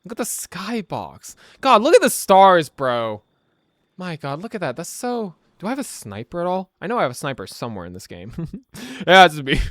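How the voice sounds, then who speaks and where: A young man with a high, bright voice that leaps up and down as he chats over gameplay. He rambles, laughs easily and says "bro" a lot. The sound is close and dry, with no room in it. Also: wildly swooping pitch, normal speed, no echo. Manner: rambling, laughs often, slangy with "bro" and "right?". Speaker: gaming YouTuber. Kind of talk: casual gameplay commentary.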